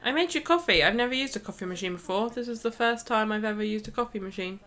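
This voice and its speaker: A woman's voice: medium pitch, quick pace, fairly bright tone. A woman co-hosting a vlog, sounding congested from hay fever, chatting in a giggly, scatterbrained, playful way. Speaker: vlog co-host. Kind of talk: casual commentary over vlog footage. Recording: faint background noise.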